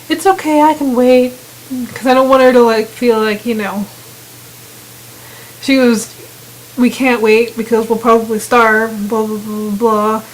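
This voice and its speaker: A woman casually narrating a video game, retelling scenes and quoting the characters in quick voices. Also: on the high side, poor audio. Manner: chatty retelling with quoted voices. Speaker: gamer narrating gameplay. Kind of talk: casual gameplay commentary.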